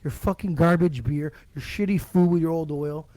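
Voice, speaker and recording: A man's voice: fairly high pitch, moderate pace, warm tone, no echo. A man on a casual podcast, ranting and swearing as he tells stories about annoying strangers. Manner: ranting, profane, quoting people in acted voices. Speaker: podcast co-host.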